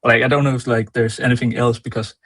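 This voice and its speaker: A man's voice: mid-range voice, little pitch movement, fast, a bit bright, no room sound. Hesitant young Danish-accented man. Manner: hesitant, fills with "like" and "um". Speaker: caller.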